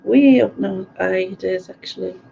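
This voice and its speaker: A woman's voice: mid-range voice, moderate pace, gravelly, mellow, lo-fi sound, slight background noise. A middle-aged woman with a Sunderland accent, hosting a live stream in casual chat and reading out viewer comments. She rambles and giggles as she goes. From North East England.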